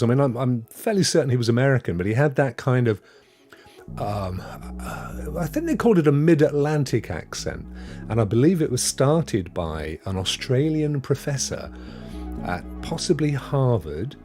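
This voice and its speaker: A man's voice: medium pitch, mellow. A middle-aged man hosting a live stream, chatting and greeting viewers by name. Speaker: host. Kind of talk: live-stream chat reading viewer comments.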